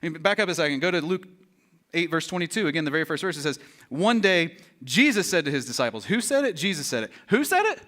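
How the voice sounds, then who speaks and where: Young male pastor, high and bright, animated storyteller in the pulpit. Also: fast. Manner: animated storytelling, acting out voices. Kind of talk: sermon.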